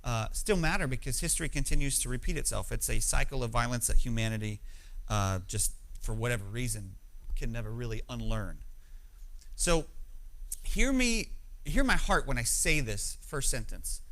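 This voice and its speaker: A man's voice: mid-range voice, animated, normal speed, a bit bright, rough recording. A pastor, a man in his thirties, giving a conversational, emphatic sermon that keeps checking in with his listeners. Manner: conversational, emphatic, frequent "right?" asides.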